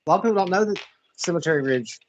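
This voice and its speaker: A man's voice: high-pitched, lively intonation, racing. A man with a Southern US accent co-hosting a casual history podcast, hesitant with many fillers. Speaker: podcast co-host.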